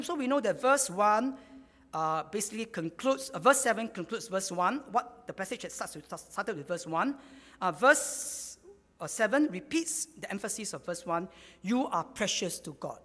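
A man's voice: sits high, a bit bright. Man, sermon, repeats phrases for emphasis, reverberant hall. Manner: repeats key phrases for emphasis, sometimes rising in energy. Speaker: preacher.

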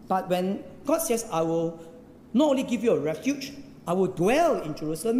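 A preacher with a Singaporean English accent delivers a teaching sermon, tossing out rhetorical questions and local particles. The voice rises and falls in a lively way. It rings through a large hall with long reverb and faint background ambience. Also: medium pitch, a little hiss or hum.

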